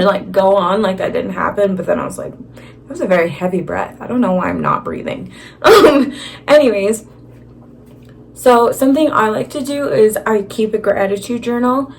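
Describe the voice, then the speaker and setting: Young female vlogger, casual filler-heavy chat, middle pitch, light background noise. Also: darkish tone. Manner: chatty, filler-heavy, self-deprecating. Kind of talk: casual advice vlog.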